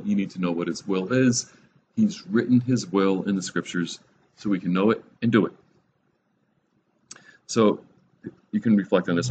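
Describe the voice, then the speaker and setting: A man teaching a Bible study class in a classroom, relaxed and rambling, with many fillers and restarts. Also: low voice. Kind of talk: classroom lecture. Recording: dull lo-fi recording with faint noise.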